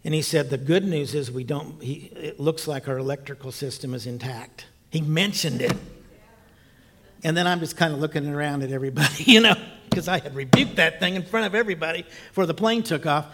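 A man preaching, telling a personal story in a lively, animated way with loud bursts and quiet asides. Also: fairly high pitch, fairly quick. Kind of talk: storytelling sermon.

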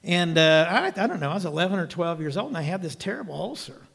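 Man in his sixties, evangelist, earnest emphatic sermon storytelling, high voice, long reverb. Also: very animated, fast talker, gravelly, a bit bright, breathy edge. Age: 60s. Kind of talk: sermon testimony.

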